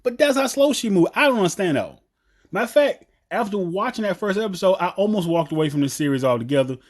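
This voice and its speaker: A man from the American South with a Southern accent, giving a blunt, animated opinion rant about a TV show. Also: high voice, fast talker. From Southern United States. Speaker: TV commentator.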